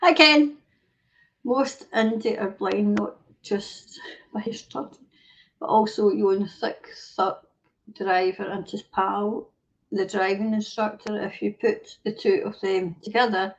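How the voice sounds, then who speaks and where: Speaking slowly at a medium pitch, this woman runs a live stream where she reads viewer comments and rants bluntly with plenty of swearing. It's a casual, ranting chat captured in dull lo-fi stream audio.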